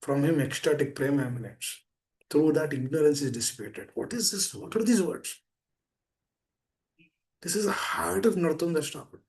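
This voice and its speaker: A man preaching a sermon through an online meeting call. His voice sits a little on the high side for a man. He presses his points with urgent, raised lines, then drops into hushed, low appeals to his listeners. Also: moderate pace, pauses often. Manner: repeats pleading appeals to the listeners.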